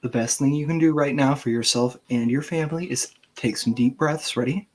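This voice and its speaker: A man playing a calm male paramedic who speaks in a soothing, businesslike way. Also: mid-range voice, a little fast, husky, natural voice. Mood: reassuring.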